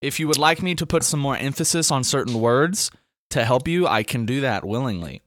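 A young man from Alabama, hosting a casual podcast and reading riddles in a playful, drawn-out way. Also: medium pitch, lively intonation, a bit bright, no echo, studio quality. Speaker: podcast host.

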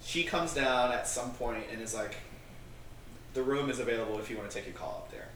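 A man's voice: mid-range voice, a little fast, a bit bright. A male podcast co-host telling a rambling, casual story, full of filler words and acted-out dialogue. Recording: roomy, distant mic, faint noise.

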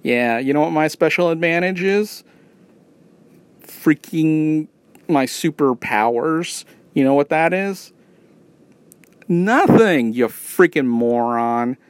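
A man's voice: a little high, dry recording. A man ranting casually in a rambling, profane and sarcastic way. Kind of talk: casual rant.

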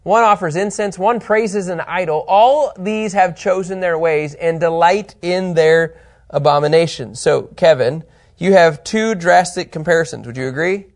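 A man teaching an informal Bible lesson, animated and chatty, often checking in with his listeners and his co-host. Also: high voice, unhurried.

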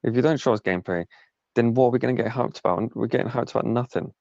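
A man's voice: medium pitch, racing, gravelly, a little mellow, no echo. A man co-hosting a casual podcast chat, ranting and exasperated, swearing often. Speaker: podcast co-host. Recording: dull lo-fi sound, dry.

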